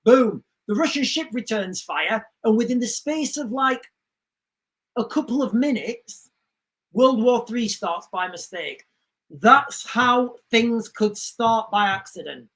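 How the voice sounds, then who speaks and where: Reading viewer comments on a casual livestream, this man speaks very high-pitched and at a slow pace. His talk is chatty and rambling, with frequent restarts and animated asides.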